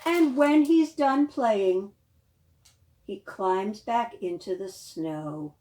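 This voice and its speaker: A woman librarian leading a children's storytime, reading a picture book aloud with animated questions to the young listeners. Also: mid-range voice, extremely slow, slight background noise. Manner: animated, questions to the children, gasps and sing-song.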